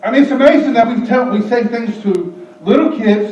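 A man preaching a lively, comic sermon, gasping for effect and acting out voices. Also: very high-pitched, moderate pace, a little hiss or hum. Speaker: pastor. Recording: echoey church, distant mic, dull.

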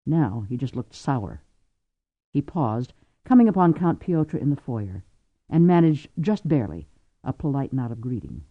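A man narrating an audiobook in an expressive, varied reading. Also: mid-range voice, measured pace, dry recording, phone-quality sound. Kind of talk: scripted narration.

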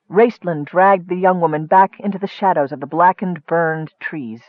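Man narrating audiobook, high voice, measured, dry muffled audio. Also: no echo. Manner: measured, expressive reading.

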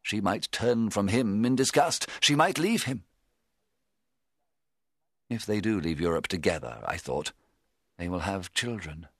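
A man narrating a storybook in the first person, in a measured, dramatic way that rises at tense moments. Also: on the low side, lively intonation, a bit bright, husky, no echo, clean studio sound. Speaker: audiobook narrator.

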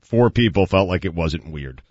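A man's voice: low voice, animated, moderate pace, darkish tone, dry recording, highs cut off. A man co-hosting a sports radio show, talking in a laid-back, matter-of-fact and defensive way. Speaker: radio co-host. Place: radio studio.

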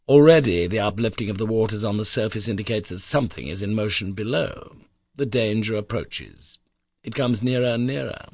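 A man narrating an old adventure novel in a measured, suspenseful reading. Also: lowish voice, no echo, clean studio sound. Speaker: audiobook narrator. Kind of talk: dramatic storybook narration.

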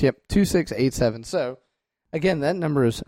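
A woman's voice: a bass voice, lively intonation, normal speed, few pauses, mellow, no room sound, clean studio sound. A woman co-hosting a podcast, joking around in playful, teasing banter and laughing often. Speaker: podcast co-host.

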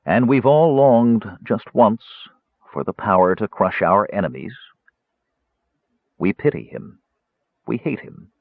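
A man giving a dramatic, lively narration of a fantasy audiobook. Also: on the low side, slow, vocal fry, pauses often, no echo. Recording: tinny phone-like dry recording.

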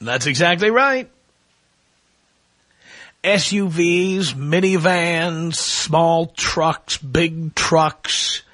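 A man's voice: a little high, extremely slow, fairly bright tone, dry recording. A middle-aged man hosting a talk radio show, ranting and mocking his listeners with sarcasm. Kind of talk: opinionated talk radio monologue.

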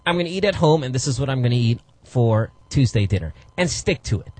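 A man's voice: medium pitch, lively intonation, quick pace, a little mellow, no echo. A man hosting a radio call-in show, talking casually and joking, sometimes swearing playfully.

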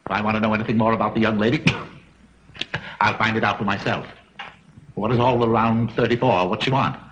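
An actor playing a wry, teasing grown son in an old film comedy. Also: male voice, fairly low pitch, steady tone, a little fast, fairly bright tone, lo-fi sound, slight background noise, lightly acted. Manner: teasing and wisecracking. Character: wry grown son, a successful professional man.

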